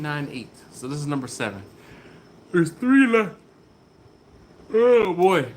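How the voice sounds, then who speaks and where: A man hosts a loose live stream from a warm garage at an easy, unhurried pace. He chats, laughs often and reads viewer comments aloud in a middle-pitched voice. A faint fan hum sits behind him. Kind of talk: casual live-stream chat. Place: warm garage beside a running smoker. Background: fan running.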